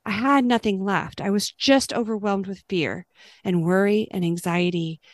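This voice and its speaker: A middle-aged woman giving a personal faith testimony, earnest and gentle, dropping into a soft hush when she speaks her prayers. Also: mid-range voice, steady tone, normal speed, no echo, studio quality.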